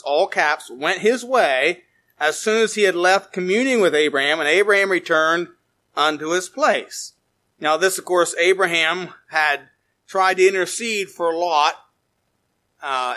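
Reading from scripture during his sermon, a male pastor alternates between emphatic climbs in volume and soft, low dips.

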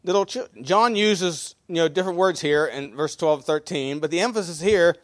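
A man preaching a sermon as pastor, folksy, swinging between loud emphasis and quiet asides. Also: fairly high pitch, normal speed, dry recording, studio quality.

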